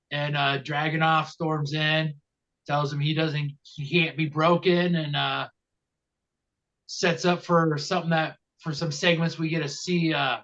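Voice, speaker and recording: A man co-hosting a wrestling podcast, rambling through the recap with many fillers and dry jokes. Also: sharp tone. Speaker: podcast co-host. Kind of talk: casual comedic wrestling recap. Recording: dull low-quality mic.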